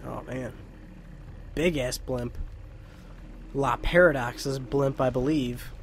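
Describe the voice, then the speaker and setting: A man's voice: mid-range voice, steady tone, takes it slowly, slight background noise. A young man giving casual, rambling, joking gameplay commentary into a home mic. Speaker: let's play host. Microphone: home mic with pop filter.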